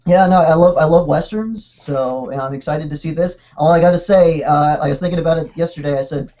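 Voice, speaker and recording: A man casually chatting on a podcast, excitable and rambling, with quick restarts. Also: fairly high pitch. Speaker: podcast co-host. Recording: dull lo-fi podcast audio.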